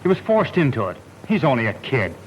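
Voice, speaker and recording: A man's voice: medium pitch, wildly swooping pitch, fairly quick, noisy background. An actor playing an earnest young man defending his engagement, in 1930s film acting, pleading and stubborn. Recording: dull 1930s film soundtrack.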